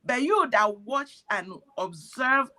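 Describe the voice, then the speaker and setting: Woman, earnest activist lecturing in parables, slow delivery, a bit high-pitched. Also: animated, sharp tone. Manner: earnest, preachy, speaks in parables. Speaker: activist speaking on a call. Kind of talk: impassioned commentary.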